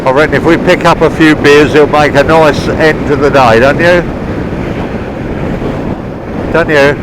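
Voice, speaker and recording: A man's voice: on the high side, fairly even intonation, normal speed. A middle-aged man chatting cheerfully on a motorbike ride, commenting as he goes, recorded outdoors on a helmet mic. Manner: chatty, cheerful, talking while riding. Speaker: motorbike vlogger. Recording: wind noise on the mic.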